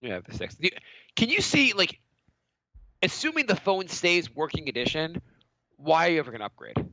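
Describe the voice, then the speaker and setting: Animated, lively-voiced man podcast host. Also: fairly high pitch, brisk, muffled recording, a little hiss or hum. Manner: animated, laughs often, acts out quotes. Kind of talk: casual comedic chat.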